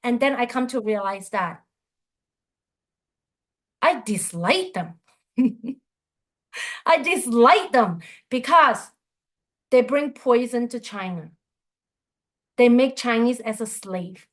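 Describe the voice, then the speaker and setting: High-voiced woman telling personal stories. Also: animated, slow, long pauses, a bit bright. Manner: earnest, personal storytelling. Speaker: qigong and life coach. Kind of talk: motivational talk.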